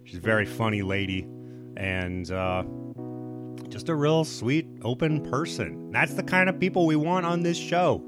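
A man's voice: medium pitch, expressive, unhurried, over music. A man hosting a podcast, talking casually in a rambling, profane, self-mocking way. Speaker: podcast host.

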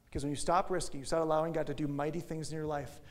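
A middle-aged male pastor giving an energetic, conversational sermon that swings from loud to soft. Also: on the high side, rapid-fire.

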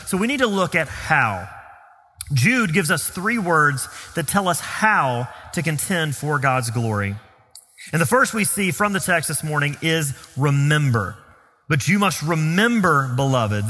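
A man with a Southern US accent preaching a sermon as pastor, earnest and emphatic, slowing down on key phrases. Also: fairly high pitch, bright, forceful tone, big-room sound. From Southern United States. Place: church sanctuary.

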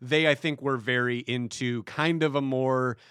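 A man chatting casually, reflective and halting, often restarting his sentences. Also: mid-range voice, steady tone, fairly bright tone, smooth, no room sound, clean studio sound. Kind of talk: casual chat.

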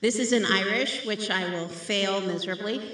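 A woman's voice: medium pitch, moderate pace, a bit bright. A woman leading a call and response, joking at her own expense. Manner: self-deprecating, joking. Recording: echoey room from far off.

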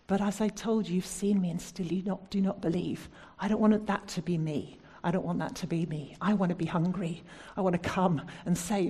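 A woman preaching a sermon from the United Kingdom, putting earnest, searching questions to the congregation and turning soft and prayerful when she leads prayer. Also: on the low side, fairly even intonation, brisk, few pauses, breathy edge.

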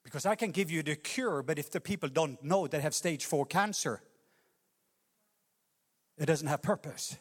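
A Norwegian man preaching a sermon with passion, rising to loud cries and dropping to hushed lines. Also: a little high, normal speed, long pauses, husky, long reverb tail. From Norway. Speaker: pastor.

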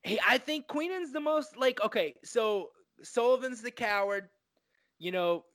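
High-voiced excitable man talking movies. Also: measured pace. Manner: excitable, profane, lots of fillers and restarts. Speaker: podcast co-host. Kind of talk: casual film discussion.

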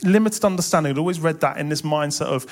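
A man's voice: on the high side, fast. A young man preaching a sermon in a church, impassioned and building to emphatic swells.

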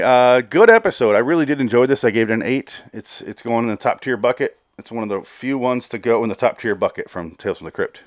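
A man's voice: on the low side, no room sound. Casting: male podcast host, solo review, rambling and profane, dry close sound. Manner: rambling, profane, exasperated rants.

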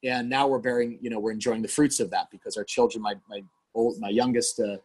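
A man in his forties talks like a pastor sharing his life on a podcast. He is earnest and animated, and he acts out remembered conversations. His voice has a husky, slightly breathy edge, with a middling pitch. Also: fast. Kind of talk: candid conversational storytelling.

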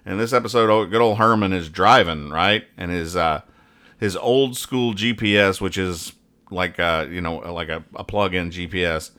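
A man's voice: sits low, moderate pace, sharp tone. Rambling man over-explaining comics. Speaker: podcast co-host. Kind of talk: casual comedic chat.

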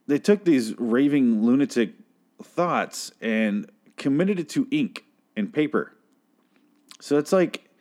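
A man's voice: medium pitch, darkish tone. Profane, sarcastic man ranting. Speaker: podcast host. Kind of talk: solo podcast commentary.

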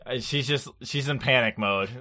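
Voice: mid-range voice, moderate pace, bright, forceful tone. A podcast host in casual chat, rambling and laid-back with plenty of fillers.

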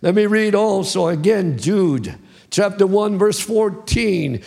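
A man's voice: high-pitched, lively intonation, takes it slowly, creaky, darkish tone. A man preaching as a pastor, in an emphatic style with a lot of repetition. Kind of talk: sermon.

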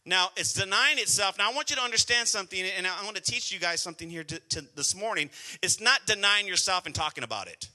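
A middle-aged male pastor preaching a sermon, swinging between soft prayer and loud exhortation. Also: high voice, expressive, fast, few pauses. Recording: music playing behind the voice.

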